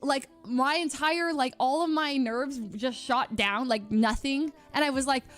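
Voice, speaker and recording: A young woman streamer telling a story in casual chat, excitable and laughing, full of fillers and restarts. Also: sits high, a little slow.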